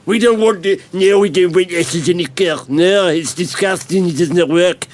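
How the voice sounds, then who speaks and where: A man's voice: sits high, moderate pace, natural voice. A man voicing a fickle, indignant European official in a put-on French accent. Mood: mocking.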